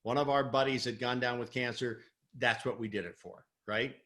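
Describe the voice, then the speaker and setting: A middle-aged man, a performance coach, telling a story in a podcast interview, animated and acting out quoted voices. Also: medium pitch, moderate pace. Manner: animated, acts out quoted voices, laughs often.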